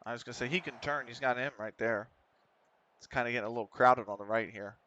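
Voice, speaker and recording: A man calling a football management game live on stream, excitable and quick to swear. He talks straight to the players on screen. His voice sounds bright and forceful. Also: mid-range voice, dull audio, a little hiss or hum.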